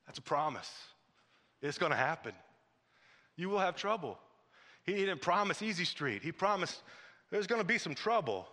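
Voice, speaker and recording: A man's voice: a little high, expressive, normal speed, pushed and bright. A man preaching a sermon as pastor, emphatic and repetitive, recorded in a church auditorium. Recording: long hall reverb.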